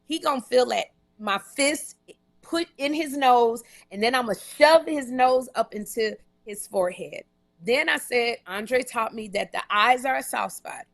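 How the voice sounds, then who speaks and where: A woman host with a bright, forceful voice tells a story in a casual, animated way. Her pitch sits a little high. The sound is dry and close, from a hotel room. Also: unhurried, creaky, dry recording. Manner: animated, emphatic, repeats herself. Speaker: talk show host and comedian. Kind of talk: casual live-stream storytelling.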